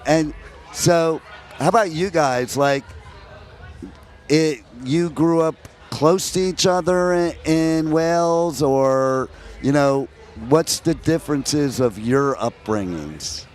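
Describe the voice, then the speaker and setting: A talkative American man with a slightly raised pitch, chatting with a band at an outdoor festival. He jokes freely and laughs between his stories. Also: takes it slowly, darkish tone, soft background music. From New York and New Jersey. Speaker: interviewer. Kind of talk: casual festival interview.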